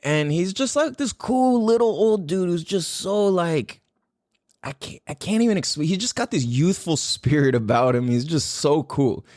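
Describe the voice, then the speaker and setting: A man's voice: on the high side, expressive, moderate pace, darkish tone, dry recording, studio quality. A man in his forties from the USA hosting a podcast, talking casually with lots of swearing and slang. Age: 40s. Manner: laid-back, profane slang-heavy talk. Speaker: podcast host. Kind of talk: casual monologue.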